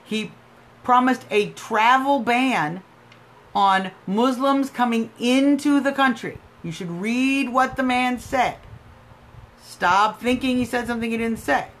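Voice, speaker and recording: A woman's voice: on the high side, slow pace. An American woman hosting a live political stream, arguing emphatically and answering viewer comments. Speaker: livestream host.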